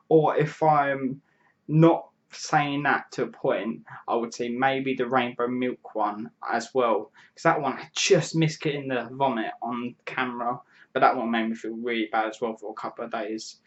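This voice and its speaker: A man's voice: mid-range voice, steady tone, normal speed. A 22-year-old man, casually answering viewer questions to camera, rambling and restarting his sentences. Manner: rambling, restarts sentences, frequent "you know what I mean". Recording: dull lo-fi mic.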